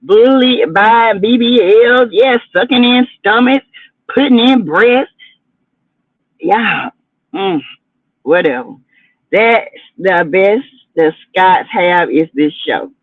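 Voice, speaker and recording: A woman's voice: mid-range voice, lively intonation, takes it slowly, pauses often, no room sound. A sassy woman chats through reality-show gossip on her livestream. Her delivery is chatty and dramatic. The sound is tinny and phone-like, with a dry, close feel. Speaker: livestream host. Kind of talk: casual gossip commentary livestream.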